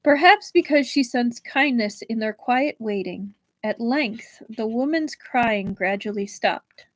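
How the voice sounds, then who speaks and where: A woman reading a novel aloud on a livestream in a measured, expressive storytelling manner. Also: a little high, dry recording, low-quality recording. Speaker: livestream book reader.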